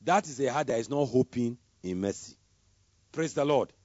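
A man preaching a sermon, swinging between loud emphatic calls and soft murmured prayer. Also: mid-range voice, lively intonation, moderate pace, no echo. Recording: dull lo-fi sound.

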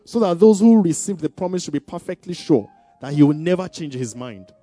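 Faint music plays behind a dry, echo-free recording of a pastor whose mellow, slightly high voice is animated and fairly quick. He questions his congregation call-and-response fashion, rising to emphatic declarations.

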